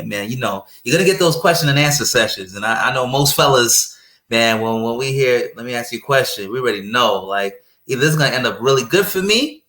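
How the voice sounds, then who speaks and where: A man, a guest, telling a personal story in a lively, chatty way, laughing and repeating phrases. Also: mid-range voice, roomy sound. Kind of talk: anecdotal storytelling.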